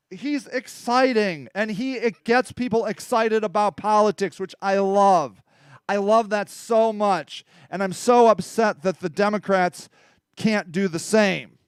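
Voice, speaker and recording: A man's voice: sits high, smooth, no room sound, studio quality. A middle-aged man hosting a political talk show, chatting loosely, rambling and joking, answering viewers by name. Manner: rambling, joking, laughs often; talks back to viewer comments. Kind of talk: casual chat.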